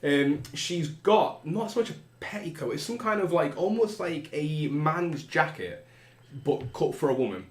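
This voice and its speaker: A man's voice: a little high, lively intonation, a little slow. A man narrating as game master in a conversational, rambling way with restarts, recorded with a roomy echo.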